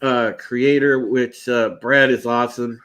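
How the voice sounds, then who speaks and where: A man hosting a casual live-stream podcast with a bright, forceful voice. He talks in a chatty, upbeat way and often breaks into laughs. His voice is pitched in the middle range for a man. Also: level tone, unhurried, smooth. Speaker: podcast host.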